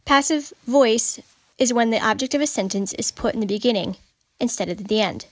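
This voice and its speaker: Speaking fairly quickly in a higher-pitched voice, this writing podcast host explains grammar informally and with emphasis, going back over the main points. The studio sound is clean, with no echo.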